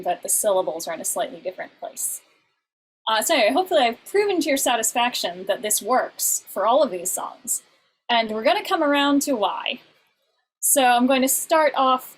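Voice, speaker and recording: Woman teacher, patient explainer, lots of "uh"s, middle pitch, faint background hiss. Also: poor audio. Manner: explanatory, with frequent fillers and restarts. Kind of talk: online class lecture.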